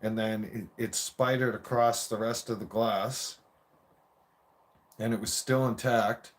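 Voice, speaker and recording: A man's voice: on the low side, steady tone, slow. A man in his forties telling a rambling, profane childhood story in a casual rant.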